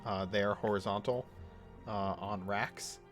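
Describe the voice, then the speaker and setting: Slow, halting male dungeon master. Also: fairly low pitch, steady tone, soft background music. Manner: casual, halting with many fillers. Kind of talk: tabletop game narration.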